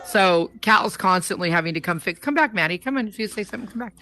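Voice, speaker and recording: A woman's voice: mid-range voice, expressive, quick pace, sharp tone. A woman hosting a casual talk show, speaking emphatically and laughing often. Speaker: host.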